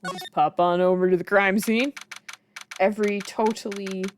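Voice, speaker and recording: A woman's voice: mid-range voice, steady tone, normal speed, slight background noise. Playful woman streaming a game. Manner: playful, giggly, joking asides.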